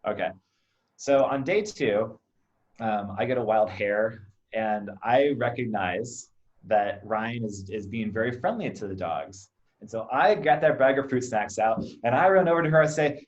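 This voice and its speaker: A man's voice: medium pitch, normal speed. A man in his thirties, a behavior analyst, talking casually in an interview and explaining his work through acted-out everyday examples, often checking in with "right?". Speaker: behavior analyst, clinic co-owner.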